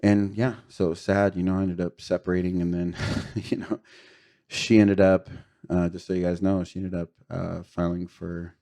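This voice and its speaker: A man's voice: low-pitched, little pitch movement, moderate pace, dark tone. A middle-aged man telling his personal story of relapse and recovery as a podcast guest, earnest and confessional, with fillers and short laughs. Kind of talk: candid personal testimony.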